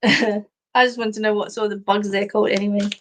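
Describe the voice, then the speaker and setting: A woman's voice: mid-range voice, little pitch movement, a little fast, slight background noise. An Australian woman hosting a casual live chat, chatty and giggly as she reads out comments. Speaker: host of a live chat show.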